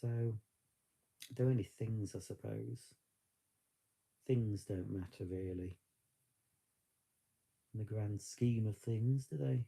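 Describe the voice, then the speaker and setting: A man's voice: lowish voice, slow pace, creaky, long pauses, mellow. A man chatting on a live stream, reflective and rambling with many fillers, tearful at times. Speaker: vlogger. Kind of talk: casual live-stream chat.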